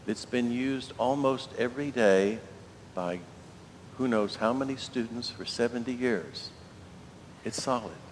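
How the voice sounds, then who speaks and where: Man in his seventies, parish priest, chatty homily full of rhetorical questions, big reverberant church. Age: 70s. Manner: conversational storytelling with rhetorical questions. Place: large church. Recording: long church reverb, faint rumble.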